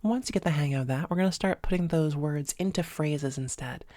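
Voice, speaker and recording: A woman with a low, mellow voice leads a voice lesson, talking it through loosely with plenty of fillers. She sits close to the microphone in a dry room. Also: a little fast, no room sound. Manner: relaxed, hesitant with many fillers. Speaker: voice coach. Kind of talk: instructional voice lesson.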